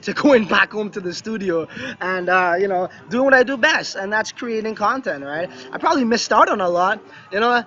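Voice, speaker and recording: A man's voice: high voice, lively intonation, normal speed, sharp tone, muffled recording. A man with West Indian roots live-streaming casually from a beach resort, chatty and often asking "right?". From West Indian background. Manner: chatty, repeats "right?" and "yeah, yeah". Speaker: crypto vlogger live streaming.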